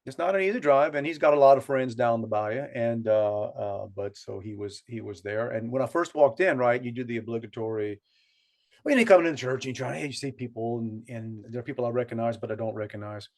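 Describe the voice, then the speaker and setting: A man's voice: medium pitch, fast, a little mellow. A man with a South Louisiana accent, co-hosting a podcast and telling a long, rambling story with many restarts. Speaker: podcast co-host. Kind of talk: casual storytelling chat.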